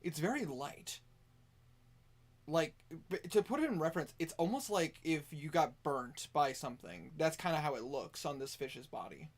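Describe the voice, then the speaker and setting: Higher-voiced man running a tabletop game. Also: expressive, normal speed. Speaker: game master. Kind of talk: narrating a tabletop game over voice chat.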